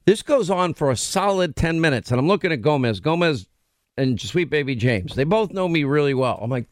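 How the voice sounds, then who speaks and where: A brash man hosts a talk radio show, teasing and talking over his staff. His voice sits a bit high, and the studio sound is close and dry with no room around it. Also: lively intonation, a little fast, no room sound. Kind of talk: casual on-air banter.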